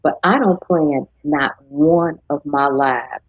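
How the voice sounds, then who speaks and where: Husky-voiced woman host, chatty. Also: low-pitched, takes it slowly, dry recording. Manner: chatty, animated when quoting others. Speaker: host of a live cooking stream. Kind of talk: casual chat. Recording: dull lo-fi stream audio.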